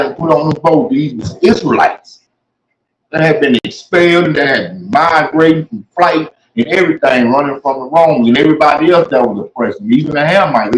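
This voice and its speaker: A man preaching in a casual, slangy way, reading scripture aloud and then talking it over. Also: fairly high pitch. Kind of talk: casual street-style Bible teaching. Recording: echoey room.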